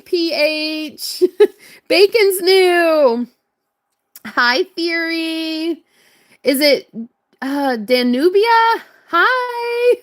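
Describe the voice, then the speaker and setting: A woman's voice: high voice, a bit bright. A young woman hosting a crafting livestream, chatting casually and giggling as she greets viewers by name. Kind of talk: casual live-stream chat.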